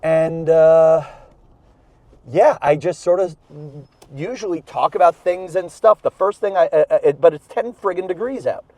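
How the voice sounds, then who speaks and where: A man's voice: a little high, unhurried, a little mellow, no echo. Rambling man podcasting from his car. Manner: rambling, self-mocking, many fillers and restarts. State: out of breath. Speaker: comedian and podcast host. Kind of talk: rambling freeform podcast talk while driving. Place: inside his car in cold weather. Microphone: video camera in car.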